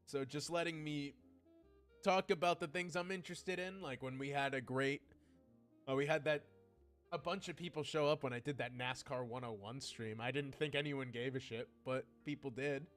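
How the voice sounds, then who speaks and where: A man's voice: medium pitch, normal speed, a bit bright, faint music behind. A young man chatting casually on his livestream, rambling and heartfelt, with lots of restarts. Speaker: VTuber streamer.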